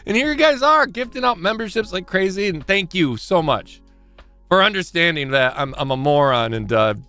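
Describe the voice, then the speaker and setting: A man chatting casually on a live stream, rambling and self-deprecating, often restarting his sentences and getting excitable. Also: sits high, moderate pace, clear, resonant tone, faint music behind.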